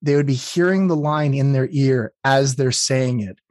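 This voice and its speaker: A man's voice: mid-range voice, normal speed, darkish tone, no echo, clean studio sound. A man from Canada, a game developer, talking through his choices in an interview, with many restarts and fillers. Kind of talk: interview, conversational.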